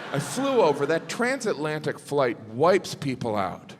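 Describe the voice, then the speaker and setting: A man doing a stand-up comedy routine on a theater stage, deadpan, with mocking asides. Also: fairly high pitch, moderate pace, few pauses. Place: large theater stage before a live audience. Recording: live hall reverb with audience noise. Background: audience laughter.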